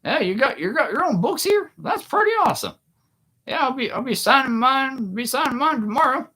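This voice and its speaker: Man putting on a kind older gent, high and froggy, soft-spoken, lively and loud. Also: a little fast, breathy edge, exaggerated voice. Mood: friendly. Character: gentle older man with a high, frog-puppet-like voice.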